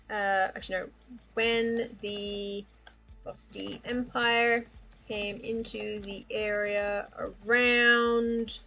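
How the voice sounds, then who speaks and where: Bright, slow-talking woman streamer. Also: mid-range voice. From Australia. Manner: rambling, chatty, laughs often, thinks aloud. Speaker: livestreamer. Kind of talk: casual livestream chat about worldbuilding.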